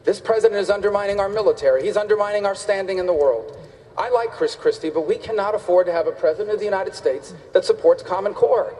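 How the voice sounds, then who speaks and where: A man's voice: high voice, fast, warm tone, slight background noise. A man running for president, giving emphatic, repetitive debate answers on a stage. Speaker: presidential candidate. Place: large debate hall on stage. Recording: reverberant debate hall.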